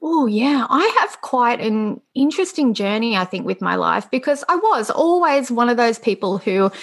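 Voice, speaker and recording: A woman speaks as a podcast guest in a fairly high voice. She sounds cheerful and upbeat, and the conversation stays relaxed and casual. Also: normal speed. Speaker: guest, business podcast host. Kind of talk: casual interview chat.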